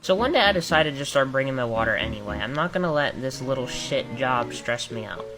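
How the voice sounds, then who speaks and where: A woman telling retail work stories in a blunt, sassy, deadpan way, with music underneath. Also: extremely low pitch, fairly quick. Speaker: storytime vlogger. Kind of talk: storytime narration. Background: background music.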